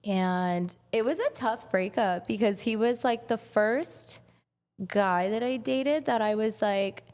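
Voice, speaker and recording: A woman's voice: on the high side, takes it slowly, darkish tone, clear, resonant tone. Chatty young woman telling a story. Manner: chatty, frequent "like", swearing. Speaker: podcast guest. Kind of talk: casual storytelling.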